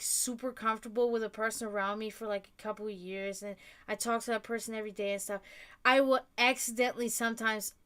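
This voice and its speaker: A woman's voice: fairly high pitch, fairly bright tone, clear, resonant tone. A woman from Germany hosting a livestream in a casual, rambling chat, often restarting her sentences. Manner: chatty and rambling, with frequent restarts. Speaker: livestream host.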